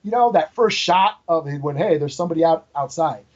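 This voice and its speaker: A man's voice: on the high side, expressive, a little fast, highs cut off. A man co-hosting a podcast in casual chat who laughs often and tells stories with animation. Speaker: podcast co-host.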